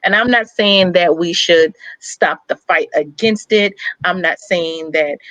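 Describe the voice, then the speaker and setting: A woman's voice: on the low side, a little slow, fairly bright tone, dry recording, poor audio. A young woman co-hosting a talk show, telling a personal story in a blunt, heartfelt and emphatic way, with some swearing. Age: young adult. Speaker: radio show co-host.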